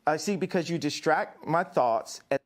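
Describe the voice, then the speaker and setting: Guest from the United States, slightly high voice, insistent and rambling, won't be cut off. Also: male voice, moderate pace. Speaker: interview guest. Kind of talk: heated interview answers.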